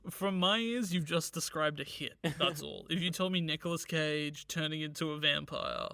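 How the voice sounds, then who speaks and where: A man co-hosting a casual film podcast, joking in quick banter. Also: a little high, creaky, sharp tone, no echo. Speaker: podcast co-host.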